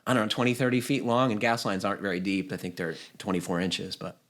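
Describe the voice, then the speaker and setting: A man's voice: on the low side, little pitch movement, fast. A man hosting a home-building podcast, chatting easily, laughing often and reading a listener's email aloud. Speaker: podcast host.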